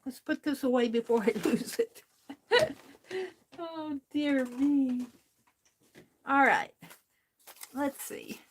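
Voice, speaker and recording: A woman's voice: sits high, big pitch swings, slow pace, pauses often, slight background noise. A woman hosting a crafting livestream, chatting casually, thinking aloud and talking to her viewers. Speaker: livestream host.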